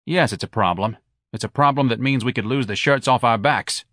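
A man's voice: medium pitch, brisk, a bit bright, dry recording, studio quality, natural voice. Man reading as a weary, harried businessman.

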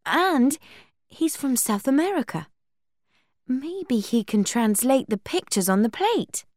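Woman doing a pushy teen girl, high and urgent, slow storybook read. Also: very animated, a little mellow, no echo, clean studio sound, exaggerated voice. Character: excitable teenage girl, slayer heroine.

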